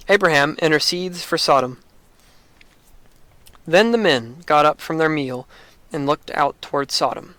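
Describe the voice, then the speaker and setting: A man slowly reading scripture aloud, correcting his slips and dropping casual joking asides. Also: a little high, bright, forceful tone, no room sound. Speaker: reader of scripture.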